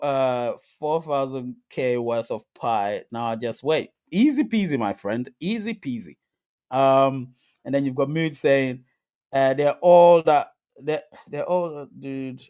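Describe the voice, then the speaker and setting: A man's voice: medium pitch, a little mellow. A man hosting a live crypto reaction stream, talking emphatically to his chat, repeating himself and laughing often. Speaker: crypto livestream host.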